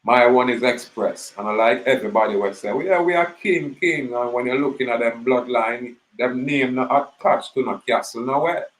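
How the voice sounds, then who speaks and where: A man's voice: mid-range voice, normal speed, hardly any pauses, rough recording. Jamaican man rambling in Patois. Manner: rambling, animated storytelling in Patois. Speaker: channel host. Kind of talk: casual monologue.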